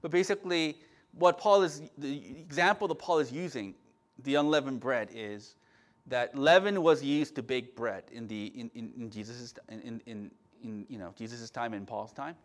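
A man serving as pastor gives a fiery sermon in a mid-range voice at normal speed. Loud emphatic passages give way to soft asides, and he often restarts and repeats words.

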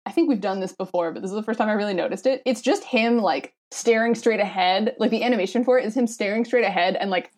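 A woman's voice: medium pitch, quick pace, few pauses, darkish tone. A woman co-hosting a casual podcast, walking through a comic in a chatty, explanatory way with frequent fillers. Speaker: podcast co-host.

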